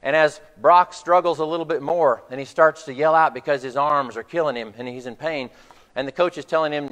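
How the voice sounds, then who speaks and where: A man's voice: a little high, a little fast, fairly bright tone, long reverb tail. A man preaching a sermon to his congregation, retelling a film scene as a story. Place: church hall.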